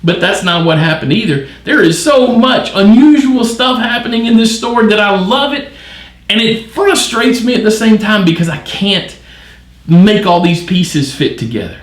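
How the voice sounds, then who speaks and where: Guy teaching a bible study, high lively voice jumping all over, asks a ton of questions, roomy sound. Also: moderate pace. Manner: animated, wondering aloud with many questions. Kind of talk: midweek Bible study reading and commentary.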